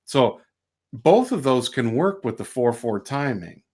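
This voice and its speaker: Middle-aged male music teacher on a livestream, easygoing, mid-pitched, casual explainer. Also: a little slow, background noise. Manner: relaxed, chats and sings rhythm syllables to show beats. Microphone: home livestream mic.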